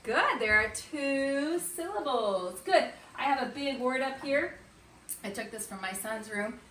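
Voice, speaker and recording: A woman teaching kindergarten and first graders in an online morning meeting, slow and sing-song. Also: high-pitched, lively intonation, a bit bright, reverberant, recorded from a distance, slight background noise. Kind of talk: remote morning meeting lesson. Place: at home or classroom on camera.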